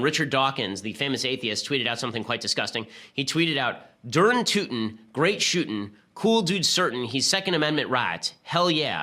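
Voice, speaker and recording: Brief: male podcast host, fast argumentative political commentary, bright edge. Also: mid-range voice. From United States. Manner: rapid-fire argumentative delivery.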